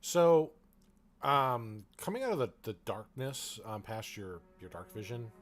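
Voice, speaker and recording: A man running a tabletop game as game master, narrating with many pauses and fillers. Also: medium pitch, big pitch swings, faint music behind.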